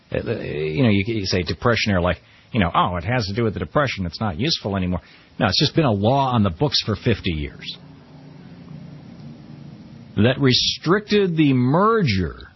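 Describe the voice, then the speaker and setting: A man's voice: medium pitch, breathy edge, dry recording, lo-fi sound. A middle-aged man hosting a radio talk show, giving wry, conversational commentary on the news. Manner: wry, conversational, quotes people in mock voices.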